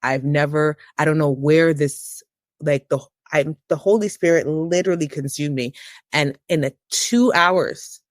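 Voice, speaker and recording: A woman in her thirties giving a candid personal testimony as an interview guest, with emotional, preacher-like rises in pitch. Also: unhurried, no echo, studio quality.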